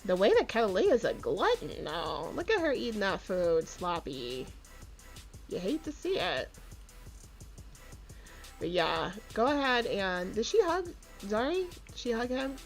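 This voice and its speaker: A young woman streams a life-sim game, her voice at a middle pitch. She talks casually and chattily, laughing often and slipping quick lines into her characters' mouths. Soft game music plays faintly behind her. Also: sing-song. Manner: chatty, giggly, voices sims' thoughts in quick asides. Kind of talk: casual gameplay commentary.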